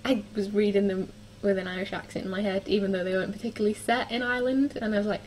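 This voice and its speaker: A woman's voice: mid-range voice, fast talker, hardly any pauses, darkish tone, a little hiss or hum, poor audio. Chatty young woman reviewing books. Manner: chatty, frequent ums and likes. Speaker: book vlogger. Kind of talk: casual book review chat.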